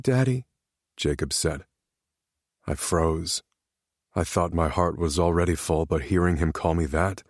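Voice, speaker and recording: Male narrator, very deep voice, calm even storytelling, dry close mic. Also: no room sound. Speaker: audiobook narrator. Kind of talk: romance audiobook narration.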